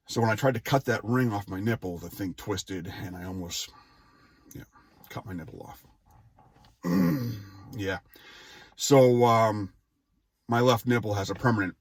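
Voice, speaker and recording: A male vlogger in his forties tells a personal story casually, rambling into tangents and interrupting himself with wry asides. His voice is fairly low in pitch. There's a little hiss or hum on the recording.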